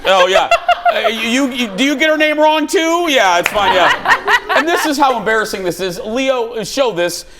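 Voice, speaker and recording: In a TV studio, a male comedic talk show host tells jokes and self-deprecating stories to a live audience, animated and playful. His voice is very high and moderately paced, with audience sounds and background noise in the recording.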